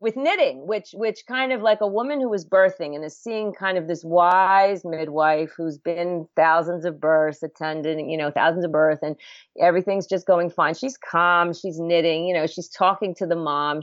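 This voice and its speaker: A fairly low-pitched woman with no room sound, middle-aged and working as a home birth midwife, talks earnestly in a podcast interview. She laughs often and keeps restarting her sentences; the audio is dull, dry, and lo-fi.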